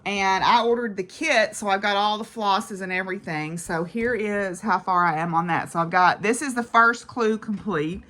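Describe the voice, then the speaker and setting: A woman's voice: mid-range voice, moderate pace, few pauses, fairly bright tone. A woman vlogging casually about her craft projects, chatty and rambling, with frequent fillers.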